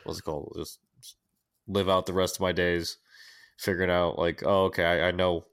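A man's voice: low-pitched, level tone, normal speed, fairly bright tone, smooth. A young man co-hosting a podcast in casual chat, rambling and laughing at himself. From United States. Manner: rambling, self-mocking, laughs often. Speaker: podcast co-host.

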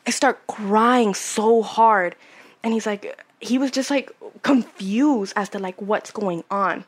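A woman's voice: mid-range voice, takes it slowly. A young woman in her twenties chatting casually on a podcast, candid and rambling, swearing freely as she tells a personal story. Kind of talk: casual chat.

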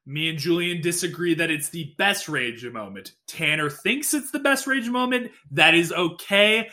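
Bright, fairly high-voiced peacemaking man. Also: expressive, normal speed. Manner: peacemaking, steers toward compromise. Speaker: podcast co-host. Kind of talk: casual chat.

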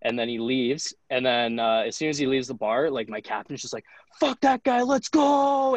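This podcast guest is a hockey goalie in his twenties, and his medium-pitched voice carries a casual, profane story packed with "like." The audio is dry and of low quality.

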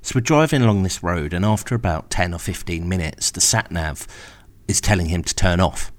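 A man telling a first-person story in a wry, exasperated, animated way. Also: sits low, brisk. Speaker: podcast storyteller host.

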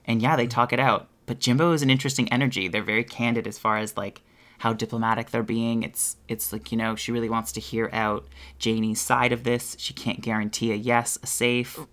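A podcast co-host talks through the topic in a relaxed, chatty way. The voice sits in a middle pitch, with playful teasing. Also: brisk. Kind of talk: casual chat.

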